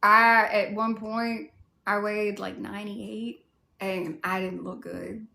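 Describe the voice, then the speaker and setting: A woman's voice: medium pitch, little pitch movement, slow pace, vocal fry, pushed and bright, echoey room. A woman with a Southern US accent, chatting casually on a livestream and answering viewer comments in a rambling way, full of "like" fillers. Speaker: cosplay streamer answering viewer chat.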